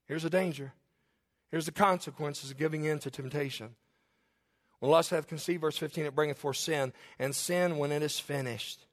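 A male pastor preaching a sermon, reading scripture slowly and low, then climbing loud and high to drive points home. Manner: swings from low measured scripture reading to loud rising emphasis.

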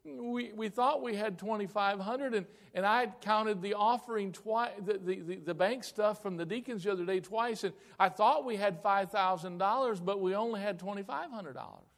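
A man's voice: high-pitched, normal speed, vocal fry, hardly any pauses, a bit bright, voice pushed up. A man putting on a tearful young secretary. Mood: worried. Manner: pleading, worried. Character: young woman church secretary, tearful and anxious. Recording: echoey hall with long reverb.

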